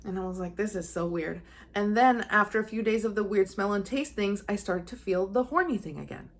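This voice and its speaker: A young woman who is a psychic medium speaks to camera in a mid-range voice, a little fast. In casual personal storytelling, she earnestly tells her viewers a story and acts out her own thoughts with feeling.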